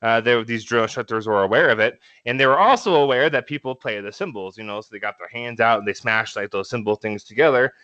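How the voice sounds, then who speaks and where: A man's voice: mid-range voice, quick pace, hardly any pauses, pushed and bright, dry recording, dull audio. A young man co-hosting a podcast, telling stories casually with lots of fillers and laughter. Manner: laughs often, many fillers and restarts. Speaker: podcast co-host. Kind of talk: casual storytelling.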